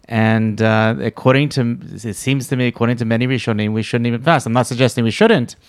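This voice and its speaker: A man's voice: mid-range voice, brisk, clean tone, dry recording. A man interviewing a rabbi, thinking aloud in a hesitant, thoughtful way. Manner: thoughtful, hesitant, many restarts. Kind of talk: conversational interview.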